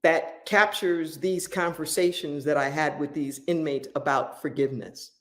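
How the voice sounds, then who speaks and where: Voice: mid-range voice, steady tone, moderate pace. A pastor telling a story in a sermon, impassioned and repeating key phrases for emphasis.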